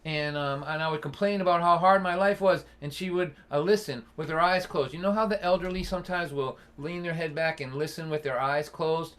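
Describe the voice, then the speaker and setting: A man in his sixties telling a personal story at a concert, earnest and halting, with restarts and an occasional cough. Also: a little high, fairly bright tone. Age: 60s. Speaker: folk singer and storyteller.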